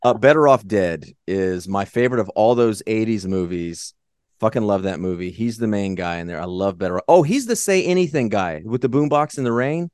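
A man co-hosting a podcast, chatting casually and profanely about movies in a rambling, animated way. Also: on the low side, a little fast, clear, resonant tone, no echo, clean studio sound. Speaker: podcast co-host.

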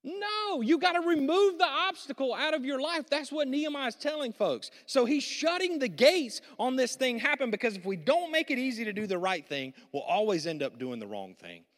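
A man with a high voice preaches in a church sanctuary. He is lively and jokey, and he keeps calling on the congregation to answer. The hall has a long, ringing reverb. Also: moderate pace, hardly any pauses. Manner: energetic, jokey preaching with audience prompts. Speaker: pastor. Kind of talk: sermon.

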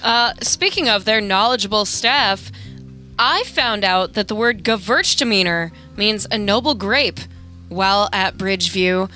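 A woman's voice: medium pitch, animated, a little slow, pushed and bright, faint music behind. A woman co-hosting a casual podcast, reading product notes with wry asides. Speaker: podcast co-host.

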